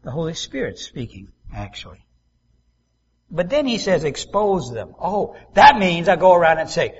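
A man pastor preaching a sermon, swinging from loud emphasis to soft asides and acting out quoted voices. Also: on the high side, big pitch swings, normal speed, husky, highs cut off.

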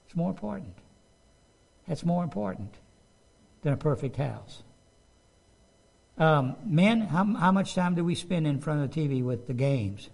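Middle-aged male preacher, fairly high voice, conversational sermon, asks the room questions. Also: a little mellow.

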